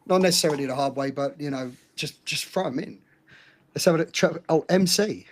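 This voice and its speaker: A man's voice: fairly high pitch, a little fast. Laughing blunt man. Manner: laughing, blunt storyteller with mild swearing. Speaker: podcast co-host. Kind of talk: casual podcast chat.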